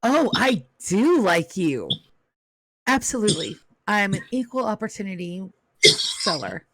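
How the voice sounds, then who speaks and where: A woman voicing a scheming, smooth-talking madam in a tabletop game, in a coaxing, businesslike manner. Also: mid-range voice, very animated, a little slow, a bit bright, a little hiss or hum, rough recording. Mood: pleased.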